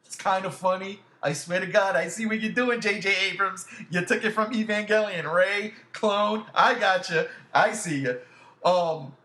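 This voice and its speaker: Casual podcast co-host, high bright male voice, profane animated rants, roomy sound. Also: normal speed. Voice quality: loud animated outbursts, heavy swearing. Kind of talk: casual chat.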